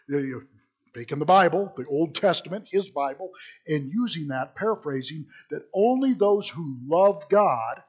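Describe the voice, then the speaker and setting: A man's voice: fairly high pitch, breathy edge. A man preaching a sermon, reading scripture aloud and then explaining it in plain, conversational asides. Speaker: pastor.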